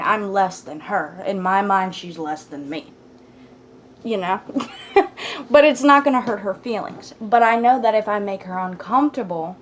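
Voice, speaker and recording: A young woman casually telling a personal story to the camera in a blunt, profane way, swinging between loud asides and hushed whispers. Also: medium pitch, slight background noise. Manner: blunt, profane, talks with lots of fillers.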